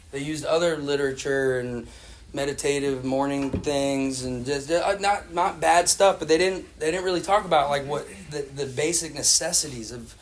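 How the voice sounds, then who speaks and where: A man's voice: fairly high pitch, a bit bright, a little hiss or hum. A man telling his addiction recovery story at a meeting, candid and rambling, with many fillers and laughs at himself.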